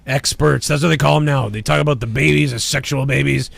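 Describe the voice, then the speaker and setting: A man's voice: mid-range voice, fairly even intonation, brisk, gravelly, fairly bright tone, no echo. A man hosting a comedy show, doing a swearing, angry parody of a talk-radio rant.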